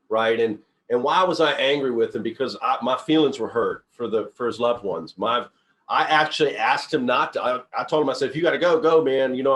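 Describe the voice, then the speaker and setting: A man's voice: mid-range voice, a bit bright. A middle-aged man, a company CEO, giving an informal motivational talk, rambling through personal stories with frequent restarts. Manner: rambling, restarts often, earnest storytelling.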